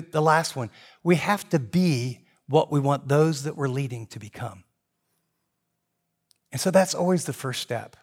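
A middle-aged man delivers a sermon from the pulpit, talking fast and telling stories with animation. His voice sits a little higher than most men's. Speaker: pastor.

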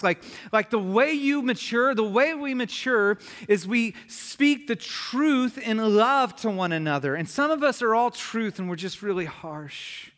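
High-voiced man preaching a sermon. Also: a little slow, hardly any pauses. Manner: animated preaching, listing points, dropping to quiet emphasis. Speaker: pastor.

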